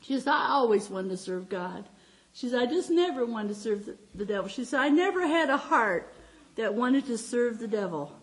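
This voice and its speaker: A middle-aged woman preaching to her congregation with a high voice. She tells her stories warmly and with feeling, her voice lifting and sinking, and she often breaks into laughter. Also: moderate pace. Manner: heartfelt, animated storytelling with frequent laughs. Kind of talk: sermon with personal stories.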